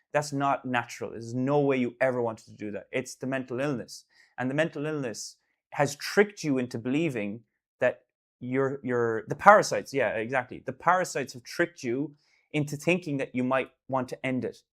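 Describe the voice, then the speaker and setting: An earnest man talks in a loose, rambling way, full of fillers and restarts. He reassures his listener by repeating the same points over and over. His voice sits at a middling pitch. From Ireland. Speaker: artist and host. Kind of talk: casual one-on-one talk.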